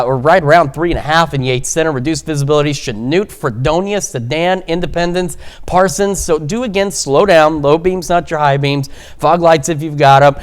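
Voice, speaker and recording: A male weather presenter on a morning newscast, chipper and self-mocking. His voice sits a little high for a man. He mixes loose chat with the forecast. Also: clear, resonant tone. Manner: chipper, jokey and rambling, laughs at himself. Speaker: meteorologist.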